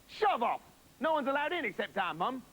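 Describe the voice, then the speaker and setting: Man doing cheeky high goat kids. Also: big pitch swings, normal speed, fairly bright tone, heavily acted. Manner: cheeky and mouthy. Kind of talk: comic children's storytelling.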